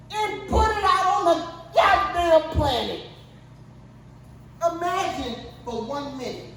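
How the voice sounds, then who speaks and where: A high-pitched woman tears into her subject in a crude, incredulous comedic rant, dropping low and then yelling out. She sits well back from the mic in a very echoey space, with steady noise all around her. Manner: heated, crude, incredulous, swings from mutter to yelling. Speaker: show host. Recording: echoey, distant mic, noisy ambience.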